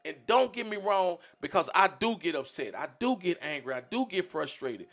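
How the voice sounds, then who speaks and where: A man's voice: high-pitched, very animated, normal speed, fairly bright tone, soft background music. A man on a livestream, speaking bluntly and profanely, lecturing his community in a preachy rant.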